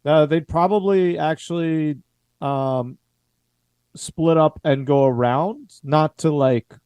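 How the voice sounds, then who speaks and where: A man's voice: a little high, takes it slowly, a little mellow, clear, resonant tone, dry recording. A man narrating as game master, rambling and hesitant, with many filler words.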